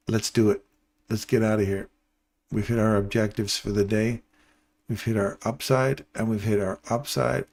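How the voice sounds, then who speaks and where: A man's voice: on the low side, darkish tone. A man hosting a live trading stream, giving casual, playful running commentary and talking to his viewers by name.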